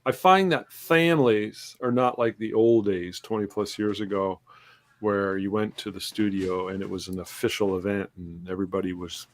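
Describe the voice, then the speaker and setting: A man with a fairly low voice hosts a loose, casual chat over a video call. He jokes and teases his co-host as they talk shop. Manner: joking, teasing. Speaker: podcast host.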